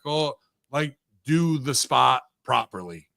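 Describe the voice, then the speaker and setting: A man's voice: on the high side, normal speed, creaky, fairly bright tone, dry recording, clean studio sound. A man in casual chat, ranting animatedly and swearing often. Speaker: wrestling podcast guest.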